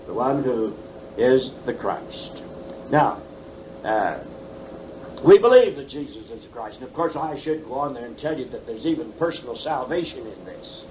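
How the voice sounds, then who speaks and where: A man's voice: medium pitch, expressive, normal speed, a little mellow, poor audio. Elderly man teaching the Bible emphatically. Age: 70s. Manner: emphatic, questioning, folksy humor. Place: conference hall. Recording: faint background noise, 1979 tape.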